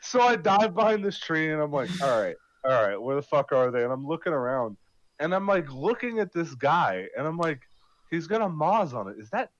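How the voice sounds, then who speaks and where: A man's voice: a little high, moderate pace, no room sound. A man retelling a firefight in a loose, profane rush, putting on voices for his own quotes. His voice sits in the middle range and comes through a dry, muffled headset line with no room around it. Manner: animated, swearing, acting out his own lines. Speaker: gamer telling a mission story. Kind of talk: casual profane storytelling over voice chat.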